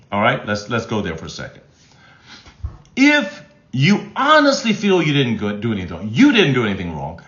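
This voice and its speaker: A male relationship coach talking on a live stream with a lively, animated pitch that swoops up and down. He drives his points home by repeating key phrases and often restarts his sentences. The room sounds echoey and a little dull. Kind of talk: live-stream teaching, reading chat comments. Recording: roomy, slightly dull sound.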